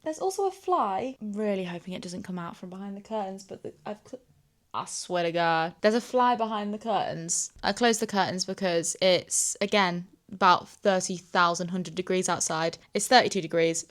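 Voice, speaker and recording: A woman's voice: lowish voice, a bit bright. A woman in her twenties, hot and sweaty, chatting to camera in a rambling, self-deprecating way in her small house. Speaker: vlogger. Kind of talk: casual chatty vlog to camera.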